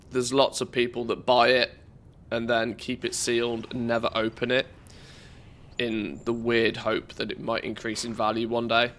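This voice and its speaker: A man's voice: medium pitch, fairly bright tone. A man with a head cold and a congested voice, chatting casually on a live game stream, rambling with many ums and restarts.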